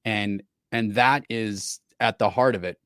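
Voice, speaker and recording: A man's voice: lowish voice, steady tone, measured pace, a bit bright, clear, resonant tone, dry recording. Middle-aged male podcast host, storytelling chat, dry close mic. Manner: chatty, storytelling. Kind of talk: casual chat.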